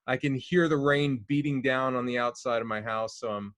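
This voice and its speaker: An enthusiastic man hosts a podcast from home over a video call. His voice is mid-pitched and sounds dry and close, with no room around it. He often repeats words as he builds up his questions. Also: steady tone, moderate pace, a bit bright, no echo. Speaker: podcast host. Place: home during a storm.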